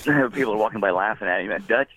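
With crowd noise around him, a man with a fairly low voice calls in on a tinny phone line as a guest. His casual story runs long and rambling, punctuated by frequent laughter and quick quoted voices.

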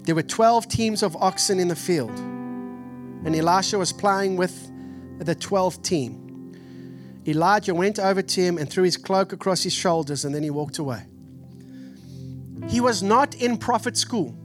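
A man in his forties with a Texan accent, preaching a sermon in an animated, storytelling way. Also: high-pitched, measured pace, long pauses, music in the background. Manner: animated storytelling, acts out family voices. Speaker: pastor. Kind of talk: sermon with personal stories.

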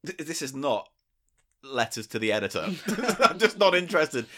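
A man's voice: on the high side, very animated, normal speed, fairly bright tone, slight background noise. A man co-hosting a comedy podcast, swearing and mock-indignant in casual banter. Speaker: podcast co-host.

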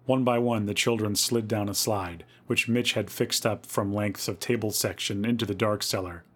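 Male podcast host, lowish voice, dramatic spooky story reading. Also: steady tone, moderate pace, a bit bright.

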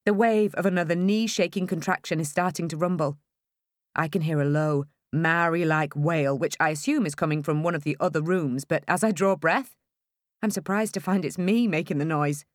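A woman narrating a first-person audiobook in a wry, expressive storytelling manner. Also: low-pitched, normal speed, no echo, clean studio sound.

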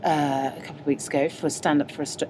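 Speaking quickly in a deep voice with little pitch movement, this young stand-up comedian chats casually as a podcast co-host. She's self-deprecating and laughs a lot. Train noise fills the background, since she's recorded aboard a moving train at night.

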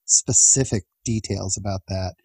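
Man in his 40s, husky voice, dry close sound, earnest storytelling, casual podcast guest. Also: low voice, a little slow, dark tone, no echo. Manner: earnest, emotional, laughs between lines.

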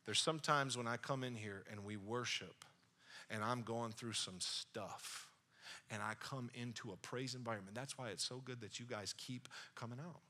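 A male pastor in his thirties preaching a sermon, telling a personal story that builds from hushed retelling to loud, excited preaching. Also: medium pitch, moderate pace.

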